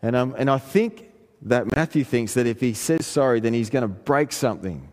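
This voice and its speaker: A man's voice: animated, normal speed, a little mellow. Aussie preacher guy telling a story from the pulpit, earnest, voice ringing around a big hall. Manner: earnest storytelling, pitch climbing in emphatic passages. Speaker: pastor. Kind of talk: sermon with personal story. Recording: long hall reverb.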